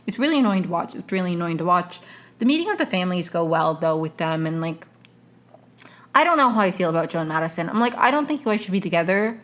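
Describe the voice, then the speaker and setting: A woman's voice: mid-range voice, expressive, fast, fairly bright tone. A woman hosting her own podcast, giving rambling, exasperated commentary full of fillers and restarts. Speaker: podcast host. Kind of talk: casual solo commentary.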